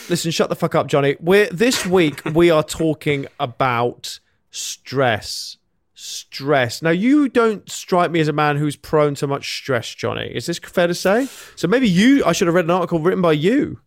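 A man's voice: a little high, animated, unhurried, no room sound. A man co-hosting a comedy podcast, in sleepy, teasing casual banter. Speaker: podcast co-host.

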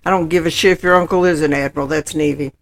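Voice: mid-range voice, fairly even intonation, fast. A podcast co-host in a casual movie recap chat, talking in a dry, blunt, sarcastic way.

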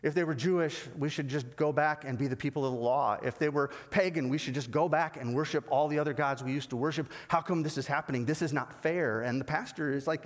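A man preaching a sermon as pastor, animated and acting out the voices he quotes. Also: on the high side, brisk, few pauses, long reverb tail. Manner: animated, acts out quoted dialogue.

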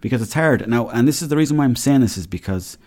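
An Irish man in his thirties rambles through his own podcast, joking and acting out little back-and-forth scenes. His voice sits at a middling pitch with a mellow, soft-edged tone. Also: lively intonation, fast. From Ireland. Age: 30s. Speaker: podcast host. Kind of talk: casual solo podcast monologue.

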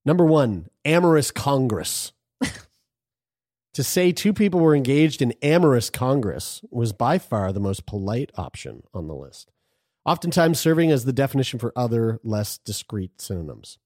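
A man's voice: medium pitch, normal speed, no echo, clean studio sound. A man co-hosting a casual podcast, reading items aloud in a crude, joking manner. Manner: animated, crude, laughs while reading. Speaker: podcast co-host.

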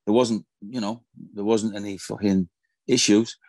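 A man in his fifties tells old football stories in a casual interview, swearing freely. His voice sits low. The sound is dry and close. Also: steady tone, moderate pace, darkish tone, no room sound. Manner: profane, storytelling, swears constantly. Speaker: former footballer, guest.

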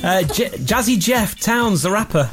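A man's voice: sits high, animated, a little slow, fairly bright tone, soft background music. A man hosting a podcast, reading out listener jokes and running a quiz game in an amused, jokey way. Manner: jokey, amused, often laughing at own reading.

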